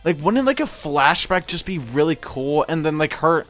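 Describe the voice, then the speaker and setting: A man's voice: on the high side, sing-song, moderate pace, a bit bright. A young man giving casual let's-play commentary, rambling and full of "like" fillers. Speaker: gamer.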